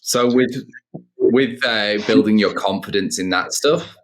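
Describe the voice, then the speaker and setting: A man's voice: fairly low pitch, unhurried. A man hosting an interview, probing his guest by stacking several questions in a row. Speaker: host.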